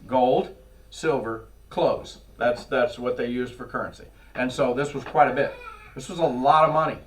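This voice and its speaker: A man preaching a sermon in a church, telling scripture stories in a lively way and acting out the characters. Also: medium pitch, normal speed. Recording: voice from far off the mic.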